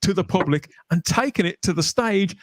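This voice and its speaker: A man's voice: high voice, animated, moderate pace, no room sound. A man hosting a live stream, reading out chat comments and asking his guest questions with enthusiasm.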